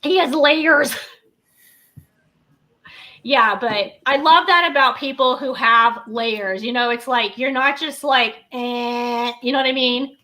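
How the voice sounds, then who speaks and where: A woman's voice: a little high, takes it slowly, bright, forceful tone. A woman co-hosting a casual livestream chat, bubbly and gushing, with lots of "like"s. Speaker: co-host of a livestream.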